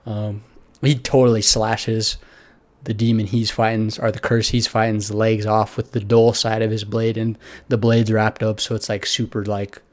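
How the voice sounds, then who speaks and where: A man with a slightly low voice talks through an anime episode in a loose, rambling review. He leans on fillers and restarts, tossing in casual swearing as he goes. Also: level tone, normal speed, darkish tone.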